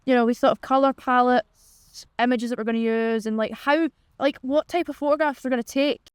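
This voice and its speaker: Woman chatting about a project, smooth clear voice, a bit high, dry sound. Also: steady tone, brisk, no room sound. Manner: chatty, loose with filler words. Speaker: musician and photographer. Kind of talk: documentary interview.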